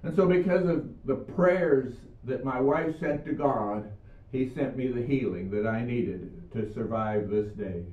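A man's voice: medium pitch, a little slow. An older man giving an earnest sermon, telling Bible stories and his own healing story. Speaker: preacher. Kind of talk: video sermon. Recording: echoey room, far mic, phone-like sound.

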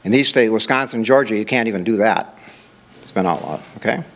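A man's voice: lowish voice, a little fast. Older man giving a conference talk. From Minnesota. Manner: conversational, walks through examples with rhetorical questions and "okay?". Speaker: conference speaker. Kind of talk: conference presentation.

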